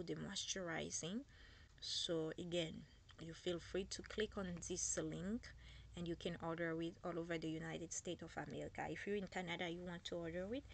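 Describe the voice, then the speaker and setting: A woman teaching vocabulary at a slow, unhurried pace. She repeats each word carefully as she moves between languages. Her voice sits fairly low for a woman. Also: creaky, a little hiss or hum. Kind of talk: vocabulary lesson.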